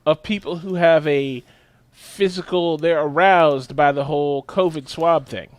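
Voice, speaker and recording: Podcast co-host, male, high voice, dry close mic, animated profane storyteller. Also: a little slow, dry recording. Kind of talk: casual podcast chat, storytelling.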